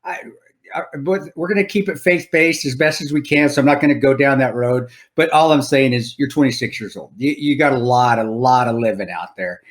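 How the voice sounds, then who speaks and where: A man's voice: medium pitch, fairly quick, hardly any pauses. A man co-hosting a podcast in casual chat, rambling with many restarts and giving blunt opinions. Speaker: podcast co-host.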